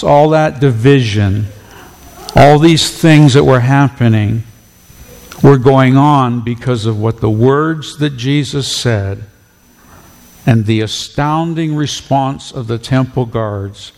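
Pastor guy preaching slow and gravelly, repeats lines for punch, church reverb. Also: medium pitch, a little mellow. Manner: emphatic, repeats phrases for effect. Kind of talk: sermon. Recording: long reverb of a church hall.

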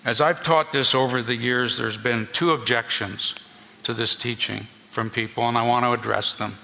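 A man's voice: mid-range voice, fairly even intonation, moderate pace, gravelly, pushed and bright, big-room sound. A man preaching a sermon as a pastor, teaching earnestly and repeating key points for emphasis.

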